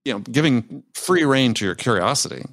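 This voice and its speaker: A man's voice: mid-range voice, lively intonation, brisk, a bit bright. A man who runs a sales consulting business, giving reflective advice in a casual conversation.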